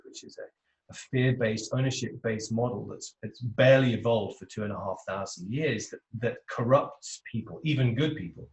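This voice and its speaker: A man with a British accent, a podcast guest, explaining his ideas in a measured, reflective way. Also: mid-range voice. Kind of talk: conversational interview. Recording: echoey room sound.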